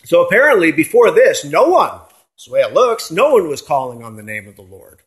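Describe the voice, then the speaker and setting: Middle-aged male pastor, slightly high voice, sermon delivery full of rhetorical questions and rising and falling emphasis. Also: sing-song, fairly quick.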